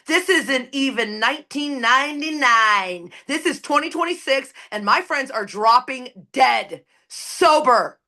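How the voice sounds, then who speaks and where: Speaking at normal speed with few pauses, the woman has a high, sharp-toned voice. She is Canadian, sharing at an online recovery meeting in a passionate, preachy manner laced with blunt swearing.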